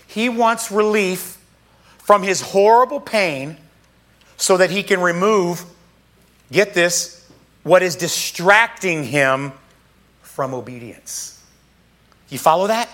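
Bright-voiced, animated man preaching. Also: high-pitched, slow, long pauses. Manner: animated and emphatic, quoting scripture then explaining with casual asides. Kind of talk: sermon.

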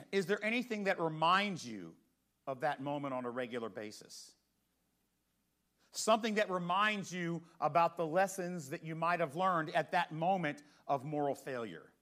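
High-voiced man preaching a sermon. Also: expressive, moderate pace, fairly bright tone. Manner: conversational preaching with rhetorical questions to the congregation. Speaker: pastor.

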